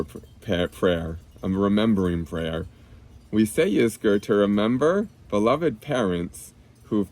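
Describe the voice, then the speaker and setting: A man reading a children's book aloud outdoors on a clip-on mic, gently explaining each term simply for kids. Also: fairly low pitch. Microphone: clip-on lapel mic.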